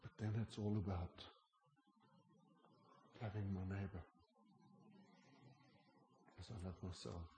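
A man preaching a sermon, moving between quiet, intimate asides and loud, emphatic lines. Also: low voice, steady tone, slow pace, long pauses, reverberant, soft background music.

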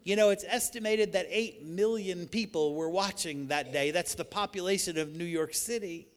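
A man preaching a sermon, emphatic and building to shouts on key lines. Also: high-pitched, moderate pace. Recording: long hall reverb.

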